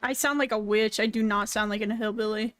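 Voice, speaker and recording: A woman's voice: mid-range voice, steady tone, brisk, fairly bright tone, smooth. A young woman streaming while she draws, chatting casually in a goofy, joking way. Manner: goofy, playful, jokey. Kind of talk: casual chat while drawing.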